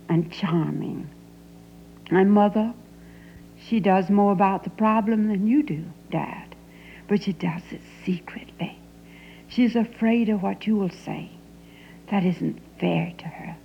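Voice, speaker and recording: A woman playing a grown Southern daughter confronting her father, in an impassioned dramatic monologue that often sinks to a whisper. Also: mid-range voice. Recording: slightly muffled 1970 broadcast with faint hum.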